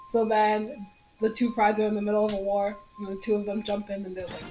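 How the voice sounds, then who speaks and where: A woman's voice: medium pitch, fairly quick. A woman chatting with friends while gaming, retelling a movie plot and swearing casually. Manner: animated storyteller, swears casually. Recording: roomy sound with game music.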